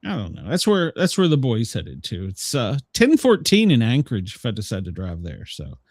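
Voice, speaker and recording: A man chats and jokes through a casual livestream show, his pitch swinging lively up and down. The sound is dry and close, with no room around it. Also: normal speed, dry recording. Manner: joking, rambling, self-mocking. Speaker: co-host of a daily news talk show.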